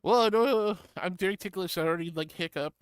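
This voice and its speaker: A woman's voice: fairly low pitch, brisk, slight background noise. A woman streamer chatting casually and reading viewer comments aloud, bubbly, giggly and affectionate. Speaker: streamer host. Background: background music.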